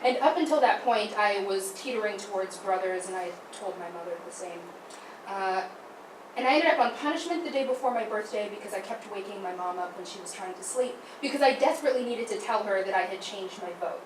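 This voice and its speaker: A woman's voice: medium pitch, fairly quick. A young woman telling a funny childhood story about her brother's birth, acting out the big moments. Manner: animated, acts out big moments. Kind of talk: personal storytelling. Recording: roomy, distant mic, background noise.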